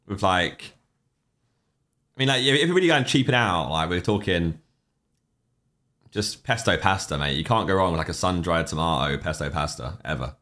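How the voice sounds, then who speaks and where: A man's voice: low-pitched, animated, normal speed, long pauses, pushed and bright. A young man, casually chatting on a livestream, rambling and reacting to chat messages with offhand opinions.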